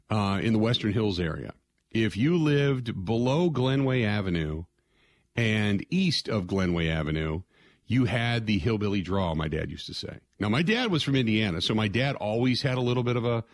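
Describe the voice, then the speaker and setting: Older radio host, low rambling voice. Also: male voice, dry recording. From southwestern Ohio. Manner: rambling, repeats himself, exclamations of "man, oh man". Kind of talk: casual sports radio talk.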